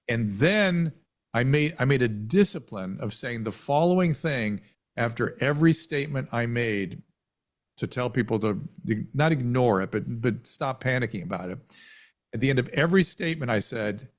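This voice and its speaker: A man around seventy, a physician, telling his story in an interview, halting with many restarts and self-corrections. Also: medium pitch, animated. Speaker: physician guest.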